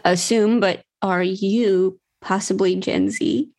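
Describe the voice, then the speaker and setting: A woman's voice: medium pitch, fairly even intonation, takes it slowly, a little mellow. Playful woman hosting a comedy game show. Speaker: podcast host. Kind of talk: casual comedic chat.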